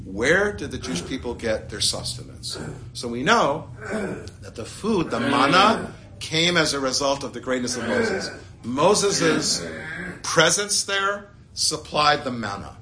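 A man teaching a Torah lesson in a lively way, full of rhetorical questions and playful asides. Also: a little high, measured pace, crowd noise. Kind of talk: animated classroom Torah lesson.

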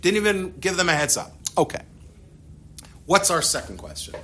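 A man teaching a religious text to a class, lively and animated, acting out little dialogues as he explains. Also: high voice, normal speed, slight background noise. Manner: animated, acts out dialogues with shifting loudness.

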